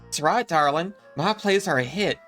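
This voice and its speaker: A woman's voice: on the low side, expressive, normal speed, a bit bright, soft background music. A woman voicing a flirty theater owner with a drawl who calls everyone darling.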